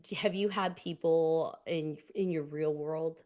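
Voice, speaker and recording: Chatty woman podcast host, lowish voice. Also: steady tone, a little slow, darkish tone. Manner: chatty, laughs often, rambling restarts. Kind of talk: casual chat.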